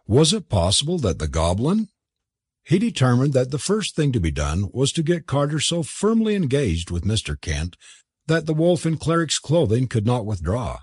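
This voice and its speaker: A man narrating an audiobook in a measured storytelling manner. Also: medium pitch, huge pitch swings, darkish tone, husky, no room sound, clean studio sound.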